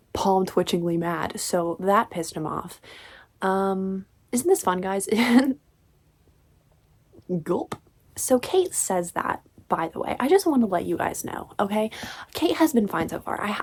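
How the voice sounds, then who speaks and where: A young woman reviewing a novel in a casual vlog, sarcastic and exasperated, slipping into quiet whispered asides. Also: medium pitch. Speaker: book reviewer.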